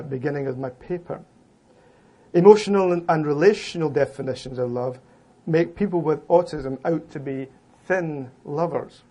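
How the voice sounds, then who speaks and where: Male academic presenter, voice sits a little high; reads a prepared paper to a seated room, measured and emphatic. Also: a little mellow. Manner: deliberate, emphatic reading with occasional restarts. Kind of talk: lecture reading from a prepared paper. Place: lecture room with an audience.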